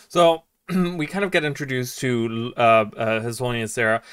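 A man's voice: mid-range voice, steady tone, normal speed, a bit bright, smooth, no echo, distant mic. A man giving casual commentary over a game, rambling with lots of fillers and reading lines aloud. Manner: rambling, filler-heavy, reads dialogue aloud. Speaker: streamer playing and commenting.

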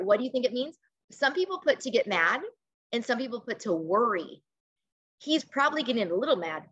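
Over a video call, a woman teacher reads a picture book aloud to children, expressive and coaxing, pausing to ask questions. Her voice is fairly high-pitched and husky.

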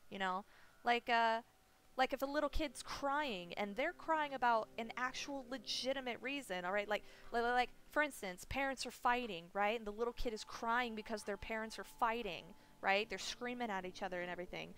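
A woman's voice: on the high side, moderate pace, a bit bright. A woman streaming a game, chatting casually and rambling with lots of fillers and restarts as she shares strong opinions. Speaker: streamer playing a horror game. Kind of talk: casual gaming commentary.

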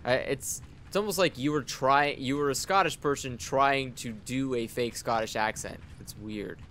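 A man's voice: mid-range voice, moderate pace, a bit bright, a little hiss or hum. A young man casually commenting on a game he plays, joking and sarcastically talking back to the characters. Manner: playful, sarcastic, talks to the characters. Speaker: let's play host. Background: game music.

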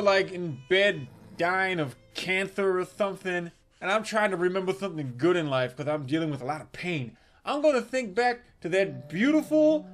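A young man with a high-pitched voice tells crude comedy stories with animated, irreverent timing. His delivery is punchy, and faint music plays underneath. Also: normal speed, hardly any pauses. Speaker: comedic storyteller.

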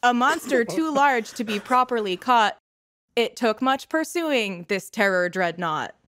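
A woman's voice: a little high, animated, measured pace, a bit bright, a little hiss or hum, pitched above the performer's own voice. A woman voicing a charming, tearful, vain young man in a tabletop game, rambling about himself. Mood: recital. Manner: rambling, self-admiring.

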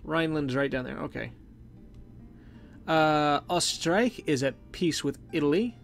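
A man with a gravelly, slightly higher voice talks through a strategy game in a relaxed, chatty way, thinking aloud and correcting himself as he goes. Game music runs faintly behind him on a desktop mic. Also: measured pace. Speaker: gameplay commentator. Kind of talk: casual let's play commentary.

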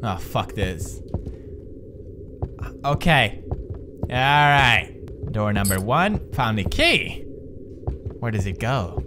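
Jumpy, swearing man playing a horror game, lively voice, noisy game sound behind. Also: mid-range voice, very slow, pauses often. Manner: jumpy, sarcastic, profane. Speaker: gaming video creator.

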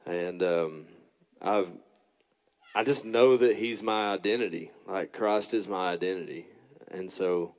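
Low, smooth-voiced man. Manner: reflective, halting with fillers. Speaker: worship pastor and guest. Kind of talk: casual testimony chat.

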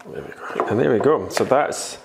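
A man's voice: mid-range voice, lively intonation, normal speed, vocal fry, background noise. A Scottish man with a chatty, jokey manner, giving a casual cooking tutorial in a kitchen. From Scotland. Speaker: baking instructor.

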